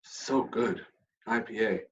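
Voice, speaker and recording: A man co-hosting a podcast, chatting casually and tossing in quick quips and asides. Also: fairly low pitch, reverberant. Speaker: podcast co-host. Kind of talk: casual chat. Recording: voice off mic, muffled.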